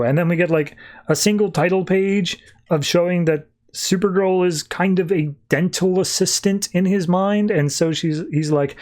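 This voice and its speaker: A man hosting a podcast, casually recapping a comic issue with wry asides and quick bits of the characters' lines. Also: a little high. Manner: animated retelling that slips into quick character quotes. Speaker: podcast host.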